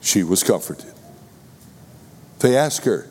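A man with a Texas accent preaching a sermon, deliberate and addressing the congregation with questions. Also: lowish voice, animated, darkish tone, big-room sound.

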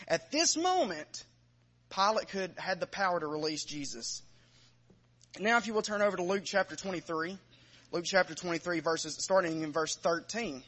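A man's voice: high voice, lively intonation, moderate pace, a bit bright. A man preaching a sermon, reading scripture aloud with rising emphasis and then speaking plainly to his congregation.

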